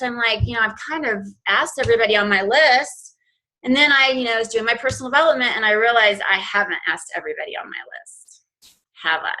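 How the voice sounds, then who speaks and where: Woman, business coach, informal team training, chatty, fillers, bright tone. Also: fairly high pitch, poor audio. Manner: chatty, with many fillers and restarts.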